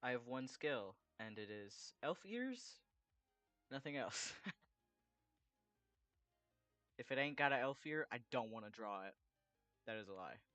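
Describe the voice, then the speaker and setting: A man's voice: mid-range voice, very animated, measured pace, long pauses, pushed and bright, no room sound, faint music behind. A man chatting casually while he draws commissions, rambling and swearing freely. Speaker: artist drawing commissions. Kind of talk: casual chat while drawing.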